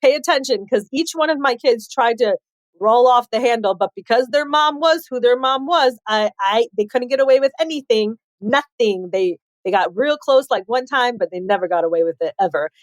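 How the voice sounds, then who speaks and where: Animated woman guest from Chicago. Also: a little high, moderate pace, no echo, clean studio sound. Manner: animated, acts out quotes, laughs often. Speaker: podcast guest, author. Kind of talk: candid storytelling interview.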